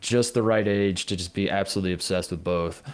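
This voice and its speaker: A man's voice: sits low, fairly even intonation, a little fast. A man in his thirties co-hosting a sports podcast in casual chat, rambling and restarting his sentences as he tells stories. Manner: rambling, self-interrupting storyteller. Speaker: podcast co-host.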